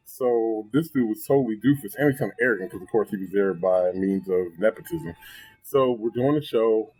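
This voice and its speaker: A man telling a funny story in casual chat, animated and laughing often, his voice jumping high when excited. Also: breathy edge, poor audio. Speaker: podcast guest. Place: restaurant table.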